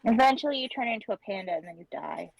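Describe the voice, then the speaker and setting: A woman's voice: mid-range voice, expressive, quick pace, creaky, no room sound, poor audio. A woman chatting casually while drawing on a livestream, explaining things plainly step by step. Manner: matter-of-fact, explains step by step. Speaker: livestream artist.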